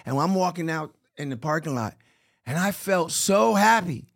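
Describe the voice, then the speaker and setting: A man's voice: a little high, moderate pace, creaky. A middle-aged man telling his own story in a casual chat, acting out what people said. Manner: animated storyteller acting out quotes.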